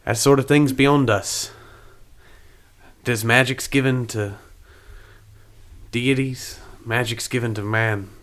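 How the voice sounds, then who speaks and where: A man's voice: mid-range voice, steady tone, slow pace, long pauses, fairly bright tone. A man putting on a laid-back koala alchemist with an Australian accent. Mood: calm. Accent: put-on Australian. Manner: laid-back, folksy, breaks off to laugh. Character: gentle male koala alchemist, hermit. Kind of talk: tabletop role-play.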